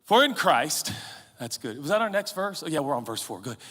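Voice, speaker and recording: A man in his forties, a pastor, preaching a sermon in an animated, humorous, conversational way, out of breath and sweating. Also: fairly high pitch, fast. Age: 40s. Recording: reverberant large hall.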